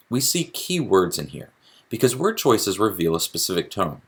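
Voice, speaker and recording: A man's voice: lowish voice, big pitch swings, moderate pace, husky. A man teaching a recorded lesson on poetry, explaining step by step and often restarting his sentences. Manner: explanatory, with frequent restarts and fillers.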